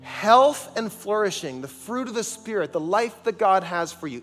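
A man's voice: sits high, lively intonation, moderate pace, hardly any pauses, fairly bright tone, long reverb tail, soft background music. A man preaching a sermon as pastor, emphatic and calling on the congregation for responses, in a large church sanctuary.

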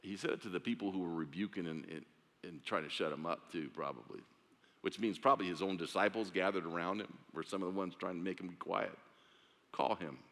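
A man's voice: low voice, quick pace, a bit bright, big-room sound. A man preaching a sermon, telling a story with drama and acting out the voices of its characters. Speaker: pastor.

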